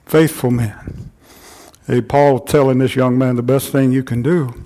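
A man's voice: little pitch movement, normal speed. An older man preaching a sermon to his church, repeating phrases and rising in fervor as he drives each point home. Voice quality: grows louder and higher when stirred. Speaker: pastor.

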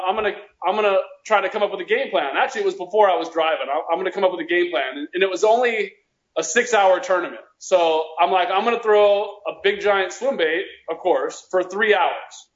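A man with a fairly high voice tells casual fishing stories, circling back and restarting as he goes. The sound is roomy and a bit dull. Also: quick pace. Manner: rambling, with many restarts. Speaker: guest angler. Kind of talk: casual storytelling.

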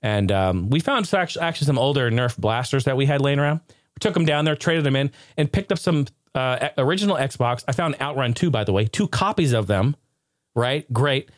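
A man hosting a casual live stream, excitable and ranting one moment, joking the next. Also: medium pitch, fairly quick, dry recording, studio quality. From United States. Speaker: streamer and show host.

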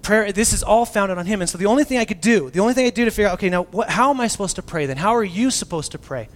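A pastor with a high voice races through a casual, animated sermon, swinging from loud emphasis down to near-whispers and acting out the quotes he shares.

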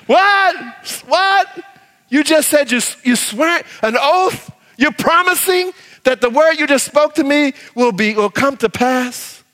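A man preaching a sermon as pastor, animated, acting out little voices in his quotes, then dropping low and soft to read scripture. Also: big-room sound. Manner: drops to a low soft voice when reading scripture.

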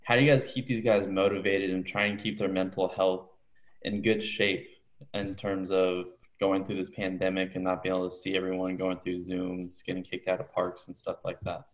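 Low, flat-voiced male podcast host. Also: normal speed. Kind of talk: podcast interview question. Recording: dull lo-fi audio.

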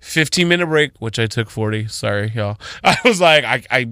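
Bright-voiced man telling a story. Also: mid-range voice, moderate pace, clear, resonant tone, no room sound, studio quality. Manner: animated, dramatic storyteller. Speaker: retail worker guest. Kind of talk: casual storytelling on radio.

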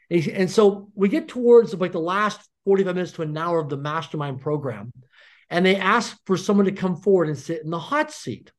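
Acting out each line of dialogue, a middle-aged podcast guest tells a story full of energy and animation. His voice sits high and his pace is fairly quick.

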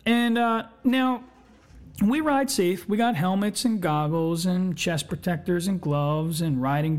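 A podcast host telling a long personal story casually, swearing constantly and rambling with fillers. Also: medium pitch.

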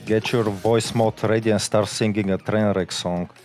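A man's voice: on the low side, fairly even intonation, moderate pace, darkish tone, soft background music. A man co-hosting a prank call stream, teasing and cursing in casual banter. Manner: crude, teasing. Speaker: co-host.

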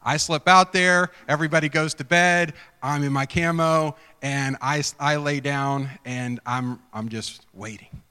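A man preaching a sermon, telling a personal story with animated swings from hushed whispers to shouts. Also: fairly high pitch, measured pace, few pauses, clean tone, big-room sound. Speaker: pastor.

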